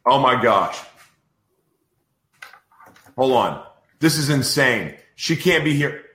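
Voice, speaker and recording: A man's voice: mid-range voice, animated, slow, pushed and bright, roomy sound. A man hosting a podcast in a casual live-stream chat, exasperated and ranting over technical trouble. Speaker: podcast host.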